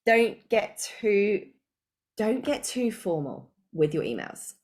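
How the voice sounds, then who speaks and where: Woman, business coach on a live webinar, casual and chatty, laughs a lot, mid-pitched voice. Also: very animated, slow pace, darkish tone. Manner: chatty and informal, laughs often. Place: home spare room.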